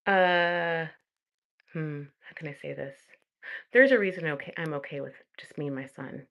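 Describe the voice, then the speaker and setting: A woman's voice: deep voice, moderate pace, gravelly, highs cut off. A young woman vlogging in a casual, chatty way, talking to herself and laughing at her own slips. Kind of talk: casual chat while studying a language.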